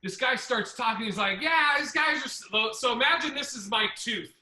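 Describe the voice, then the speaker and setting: A man hosting a podcast, telling a comedy club story in a casual, profane, animated way. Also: extremely high pitch, normal speed, roomy sound, rough recording.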